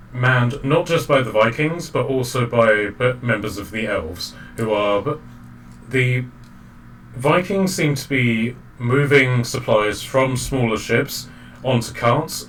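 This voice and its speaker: A man narrating as game master of a tabletop game, halting often with fillers and restarts. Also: medium pitch, fairly bright tone. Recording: distant mic, faint background noise.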